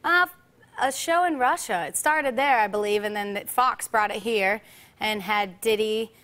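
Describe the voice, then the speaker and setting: A woman in her twenties, a guest on a talk show, chatting in a bubbly, excitable way. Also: medium pitch, measured pace. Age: 20s. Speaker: guest singer. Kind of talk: casual interview chat.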